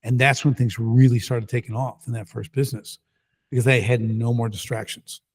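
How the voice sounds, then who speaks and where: A middle-aged man, a podcast guest, telling his story in a casual, lively and emphatic way. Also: medium pitch, brisk, breathy edge. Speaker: guest entrepreneur.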